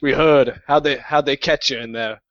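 A man's voice: mid-range voice, fairly even intonation, moderate pace, a bit bright, no room sound, natural voice. A man voicing a wry male field agent who takes a call from a hostage, in a tabletop game. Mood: deadpan. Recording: dull, dry online call audio.

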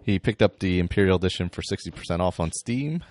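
A man with a very deep voice reads listener emails on a podcast, his delivery swinging up and down with lively pitch. He is a little out of breath, laughs easily and trips over his words now and then. The sound is close and dry. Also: fast, no room sound. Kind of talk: casual podcast chat, reading aloud.

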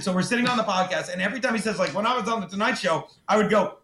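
A man's voice: sits high, quick pace, few pauses. A man telling a story as a comedian guest on a podcast. He swears a lot and acts out other people in quotes. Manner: profane, animated, mimics others in quotes. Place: podcast studio. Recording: roomy echo.

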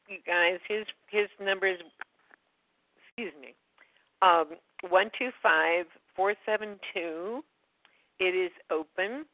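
A woman's voice: medium pitch, dry recording. A woman hosting a community call, chatting casually and laughing often between remarks. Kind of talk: casual phone chat. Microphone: phone. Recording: thin phone line.

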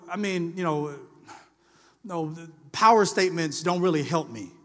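High-voiced preacher in an echoing hall. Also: male voice. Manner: conversational, animated storytelling with voiced asides. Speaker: pastor. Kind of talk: sermon.

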